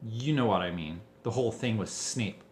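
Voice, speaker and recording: A man's voice: on the low side, moderate pace, a little mellow, slight background noise, lightly acted. A man voicing a firm, exasperated teenage boy who sounds weary.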